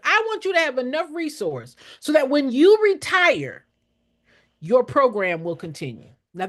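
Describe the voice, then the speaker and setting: An older woman, a nonprofit consultant, giving blunt, preachy motivational teaching to camera and repeating lines for emphasis. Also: fairly high pitch.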